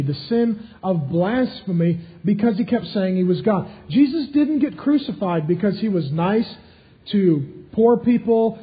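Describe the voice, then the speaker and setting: Emphatic preacher, a man with a high voice. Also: lo-fi sound. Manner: emphatic, repeating key phrases for stress. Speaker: pastor. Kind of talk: sermon.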